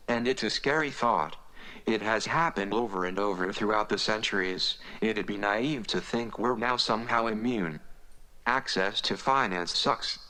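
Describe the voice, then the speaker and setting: A synthetic male voice reading a prepared conference speech in a flat, robotic monotone. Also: lowish voice, rough recording. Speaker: conference speaker.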